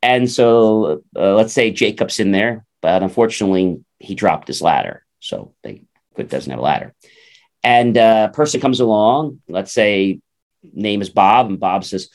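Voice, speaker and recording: Animated man giving a motivational talk. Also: lowish voice, normal speed. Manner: animated, acts out little dialogues in character voices. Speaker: co-host. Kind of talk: motivational talk show chat.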